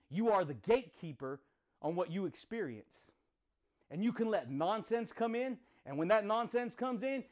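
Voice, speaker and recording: Podcast host, male, high-pitched, intense, profane, hammering motivational lines through repetition. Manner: intense, punchy, profane, repeats phrases. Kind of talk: motivational monologue.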